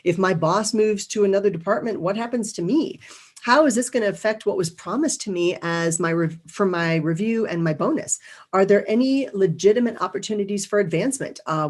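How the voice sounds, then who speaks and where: A middle-aged woman giving a motivational talk on leadership, lively and acting out quoted people. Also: mid-range voice. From United States. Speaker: leadership speaker.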